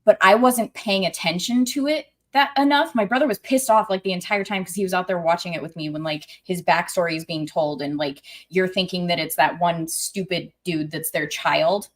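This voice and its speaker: A woman's voice: fairly low pitch, normal speed, few pauses. A woman co-hosting a podcast in casual chat, talkative and sometimes trailing off while searching for words. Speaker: podcast co-host.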